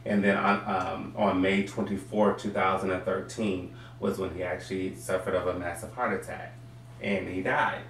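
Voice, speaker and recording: Deep-voiced man in an echoey room. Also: steady tone, moderate pace, vocal fry, fairly bright tone. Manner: earnest, reflective, playful when teasing. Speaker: guest, sweet potato pie baker. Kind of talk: casual talk show chat. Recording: echoey room, distant mic, faint crowd and noise.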